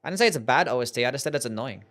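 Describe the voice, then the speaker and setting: Streaming a game, an Australian man jokes around and swears freely in casual chat with his viewers. His voice is medium-pitched, expressive and a bit bright, and he talks quickly.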